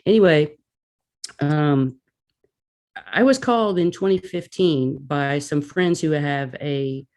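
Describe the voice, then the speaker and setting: Animated woman telling a story. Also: low voice, slow. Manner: animated, acts out her own reactions. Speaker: guest. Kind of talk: casual storytelling.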